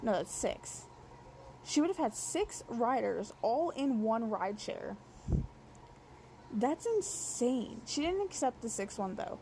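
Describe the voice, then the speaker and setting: Young woman venting a rideshare story, swears a lot, kinda high and fry-heavy. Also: big pitch swings, slow, warm tone, a little hiss or hum, rough recording. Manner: profane, exasperated, run-on storytelling. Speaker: vlogger telling a rideshare story. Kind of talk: casual storytime rant.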